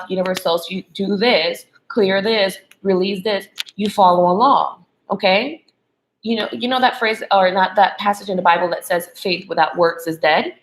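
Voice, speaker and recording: A woman's voice: medium pitch, a little hiss or hum, rough recording. A woman love coach giving a motivational spiritual talk to women, checking in with "okay?" and "right?" as she goes.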